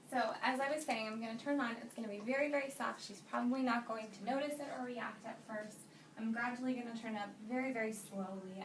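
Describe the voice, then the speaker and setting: Calm woman audiologist, off-mic in a roomy clinic. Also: a little high, recorded from a distance, a little hiss or hum. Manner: calm, reassuring, explains step by step. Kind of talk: clinical explanation.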